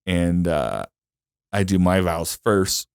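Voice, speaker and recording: A man's voice: sits low, expressive, slow pace, vocal fry, clean tone, no room sound, clean studio sound. A young man hosting a podcast, telling a personal story in casual chat, full of fillers, restarts and the odd swear word. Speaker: podcast host.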